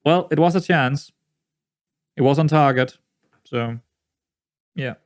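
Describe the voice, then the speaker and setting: A man with a fairly high voice talks through a management game as he plays it. He rambles and repeats himself in exasperation. The sound is close and dry, with no room around it. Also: slow, no room sound. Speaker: gaming YouTuber. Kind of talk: let's-play commentary.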